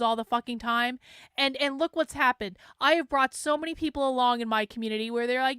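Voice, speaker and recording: A woman hosting a casual monologue, blunt and exasperated, swearing freely and mocking others in flat mimicking asides. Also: high-pitched, a little fast, smooth, no echo, studio quality. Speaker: online commentator host.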